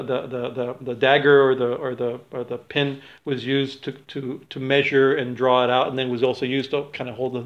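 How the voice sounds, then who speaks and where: Halting man giving an informal spiritual talk. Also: medium pitch, highs cut off. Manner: halting, many fillers and restarts, chuckles often. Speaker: spiritual teacher.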